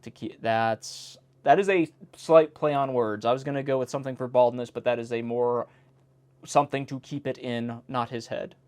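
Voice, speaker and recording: A man's voice: medium pitch, steady tone, normal speed, a little mellow, slight background noise. A man hosting a casual reading of an old joke book, stopping often to make wry comments on each joke. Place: indoor home recording in South Carolina.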